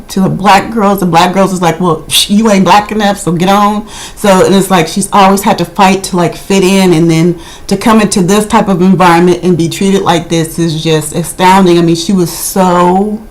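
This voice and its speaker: A woman's voice: fairly low pitch, steady tone, moderate pace, poor audio. A woman casually recapping a reality TV episode, indignant and gossipy, with lots of "I mean". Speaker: video reviewer.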